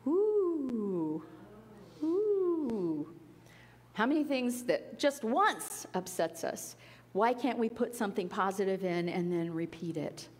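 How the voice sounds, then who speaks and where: A woman gives a spiritual talk, earnest and conversational, now and then playful. Her voice sits at a middle pitch and rings out with a long reverb, as if in a hall. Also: normal speed. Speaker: spiritual teacher. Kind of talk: sermon-style talk.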